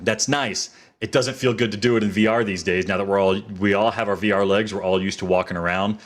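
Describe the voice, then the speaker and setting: A man's voice: on the low side, steady tone, a little fast. A man reviewing a video game in a playful mock-courtroom manner.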